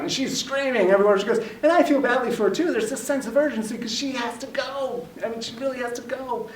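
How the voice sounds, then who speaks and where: Man, storyteller, animated, laughing at himself, roomy echo, distant mic. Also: very high voice, fast, few pauses. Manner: animated, self-mocking, laughing. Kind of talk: personal story told to a live audience. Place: library workshop room. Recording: echoey room, distant mic, faint noise.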